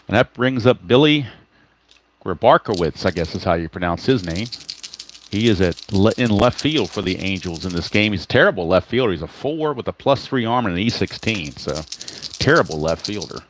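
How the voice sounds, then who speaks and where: Poor audio captures a man with a lowish voice calling his own solo tabletop baseball game. His play-by-play is casual and talkative, full of self-corrections and quiet muttering as he digs for cards.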